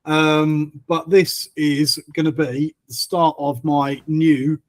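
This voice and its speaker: A man's voice: fairly high pitch, flat delivery, slow. A male co-host in casual live-stream chat, talking hesitantly with many ums.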